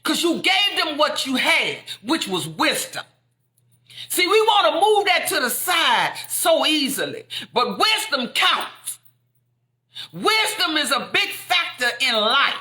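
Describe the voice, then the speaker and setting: A woman preaching fervently, repeating lines and building up to shouts. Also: high-pitched, very animated, takes it slowly, reverberant. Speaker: inspirational speaker. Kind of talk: impassioned preaching.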